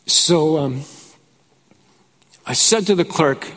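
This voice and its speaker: High-voiced man preaching in an echoing hall. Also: unhurried. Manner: chatty, laughs often, keeps asking "right?", grows fervent. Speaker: pastor. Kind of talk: conference sermon with personal storytelling. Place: conference hall. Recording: hall with long reverb.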